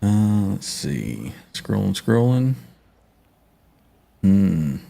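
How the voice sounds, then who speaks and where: A man's voice: on the low side, sing-song, very slow, creaky, mellow, a little hiss or hum. A man hosting a casual livestream, greeting viewers and reading their comments aloud with frequent laughs. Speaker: livestream host.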